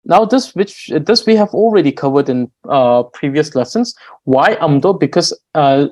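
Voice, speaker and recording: A man's voice: on the high side, lively intonation, darkish tone, rough recording. A man teaching a recorded grammar lesson, explaining patiently with frequent fillers and restarts. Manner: slow, patient explaining with fillers and restarts, drawing out example words. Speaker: language teacher.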